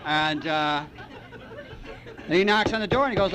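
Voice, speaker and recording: Animated man telling a recovery story. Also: moderate pace, long pauses. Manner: animated storyteller, acts out phone calls, repeats lines for rhythm. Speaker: recovery meeting speaker. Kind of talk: storytelling talk to an audience. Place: meeting hall. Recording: archival talk recording with faint rumble.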